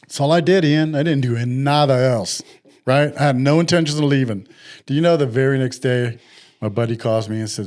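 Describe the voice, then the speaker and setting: Man telling a lively sales story. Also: medium pitch, fairly quick. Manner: animated storyteller acting out quoted dialogue. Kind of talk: casual storytelling.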